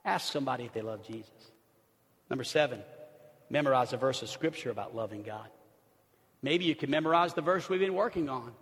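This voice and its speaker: Husky-voiced male pastor in echoing hall. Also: mid-range voice, animated, fast, a bit bright. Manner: conversational preaching, lists points, acts out quotes. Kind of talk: sermon. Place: church sanctuary. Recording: long reverb of a large hall.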